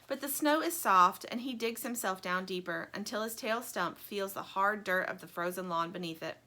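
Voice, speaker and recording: A woman reads a children's story aloud with expressive animation, her voice medium in pitch and moderate in pace.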